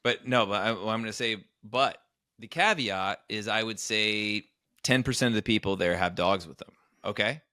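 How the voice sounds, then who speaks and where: A man co-hosting a podcast, telling an animated story in a casual chat. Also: moderate pace, dry recording, studio quality. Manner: animated storyteller, acts out quoted people in higher voices. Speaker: podcast co-host, comedian.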